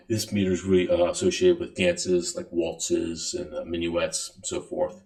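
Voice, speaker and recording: A man giving a relaxed music lecture, counting and singing beats aloud between many fillers. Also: sits low, normal speed, few pauses, very noisy. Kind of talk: recorded lecture. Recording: echoey room.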